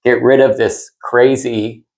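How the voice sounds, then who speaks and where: A man's voice: medium pitch, flat delivery, slow, a little mellow, low-quality recording. A man co-hosting a podcast in casual chat, earnest and heartfelt, speaking in long reflective runs. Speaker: podcast co-host.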